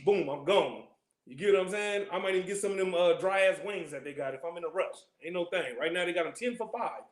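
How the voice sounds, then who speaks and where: A man's voice: sits high, fast talker. A man teaching a casual scripture class, joking in loose streetwise slang and constantly checking in with his listeners. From California. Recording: echoey room.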